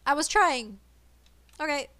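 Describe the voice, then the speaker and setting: Excitable woman gamer. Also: sits high, unhurried, no echo. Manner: excitable, nervous, switches between English and Italian. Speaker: streamer playing co-op game. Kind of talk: live gameplay chatter.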